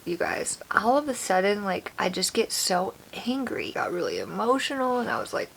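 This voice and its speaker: A woman telling a personal story to her viewers in a chatty, animated way, often calling them "you guys.". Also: medium pitch, moderate pace, gravelly, few pauses. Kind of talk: casual storytime chat.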